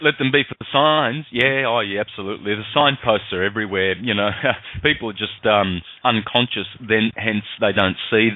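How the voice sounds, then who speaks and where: A man's voice: lowish voice, normal speed, hardly any pauses, no room sound. A man speaking as a radio show guest in casual chat, listing terms with hesitant ums. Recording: dry tinny phone line.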